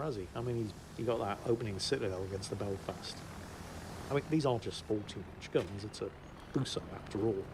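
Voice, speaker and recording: Male game commentator, mid-range voice, giggly and casual, light background noise. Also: mid-range voice. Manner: giggly, laughs often through his commentary. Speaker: gameplay commentator.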